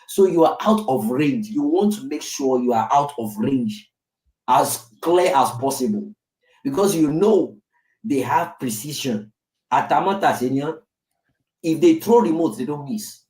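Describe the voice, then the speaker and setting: Nigerian man, father, candid storytelling, warm mellow tone, heard from a distance. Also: medium pitch, expressive, unhurried. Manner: candid storytelling with tag questions. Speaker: father, podcast speaker. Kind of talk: reflective casual podcast talk. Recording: roomy, distant mic.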